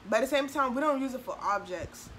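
A young woman with a DMV accent explaining slang in casual chat, animated and acting out quotes in a high voice. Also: fast, a little hiss or hum, poor audio. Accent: DMV Black American English. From DMV area, US.

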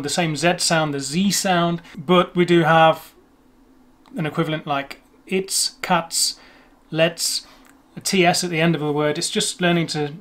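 Chatty Englishman explaining pronunciation. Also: sits high. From England. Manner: chatty, rambling, self-correcting. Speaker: language video host. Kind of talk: explaining to camera.

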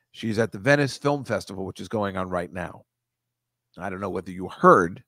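A man's voice: lowish voice, a bit bright, dry recording. A man hosting a comedy podcast, riffing casually with rambling, profane, sarcastic asides.

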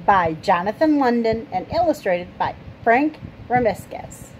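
A woman reading a picture book aloud to children, with sound words and questions for her listeners. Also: fairly high pitch. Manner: slow, animated, asks listeners questions. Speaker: storytime reader. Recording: noisy home recording.

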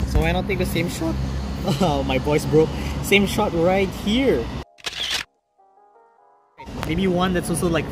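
A man vlogging casually outdoors, thinking aloud with laid-back slang as he sets up photos. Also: a little high. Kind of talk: casual narration while shooting photos.

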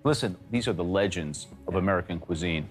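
A man's voice: deep voice, brisk. A man judging on a cooking show, giving blunt, harsh verdicts. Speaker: judge. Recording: music bed under speech.

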